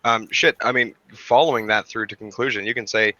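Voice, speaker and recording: A man's voice: mid-range voice, fairly even intonation, a little fast, bright, forceful tone, no echo, low-quality recording. A man chatting casually about space and history, rambling with fillers, restarts and casual swearing. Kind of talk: casual chat.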